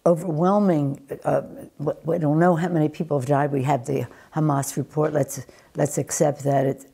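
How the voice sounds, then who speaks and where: An older American woman answering questions in a news interview, deliberate and emphatic, often restarting her sentences. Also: low-pitched, creaky, dark tone, slightly rough. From United States. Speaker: interviewee, former politician.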